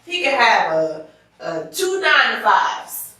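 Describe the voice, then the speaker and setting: A woman's voice: fairly high pitch, big pitch swings, takes it slowly, bright, forceful tone. A woman co-hosting a casual group podcast chat, talking animatedly and acting out the voices she quotes. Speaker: podcast co-host. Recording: echoey room from far off the mic.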